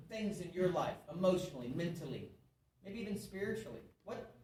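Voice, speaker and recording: A man's voice: high-pitched, lively intonation, brisk, darkish tone. A man gives a sermon-style talk with an earnest, folksy delivery, circling back over his points and asking the audience questions. He stands a little way from the mic, so the voice sounds distant in a roomy hall. A faint hum of room noise sits underneath. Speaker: speaker at a men's meeting. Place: church hall before an audience.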